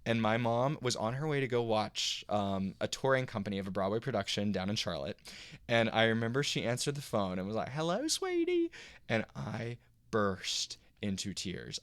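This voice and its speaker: A man's voice: medium pitch, clear, resonant tone, no echo. Chatty young man telling a story. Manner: animated, halting storyteller with many fillers. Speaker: podcast co-host. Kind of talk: casual storytelling chat.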